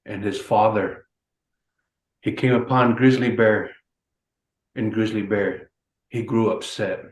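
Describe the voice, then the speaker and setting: Brief: man, lowish voice, slow measured oral storytelling, roomy echo. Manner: measured, repetitive storyteller cadence. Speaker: storyteller, guest speaker.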